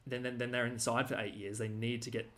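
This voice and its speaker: Aussie bloke rambling on, slangy, heaps of likes and restarts, middle pitch. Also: male voice, level tone, fast, fairly bright tone. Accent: Australian. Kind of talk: casual ranting monologue.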